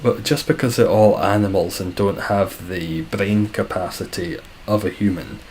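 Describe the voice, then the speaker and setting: A man's voice: on the low side, a little mellow, a little hiss or hum, rough recording. A Scottish man chatting casually on a live stream, reading out viewer comments with dry, self-deprecating humour. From Scotland.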